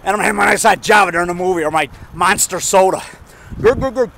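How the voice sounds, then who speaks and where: Casual male vlogger, high-pitched voice, rambling and jokey, faint traffic behind him. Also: quick pace, creaky, a bit bright, low-quality recording. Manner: rambling, jokey, chuckles at own jokes.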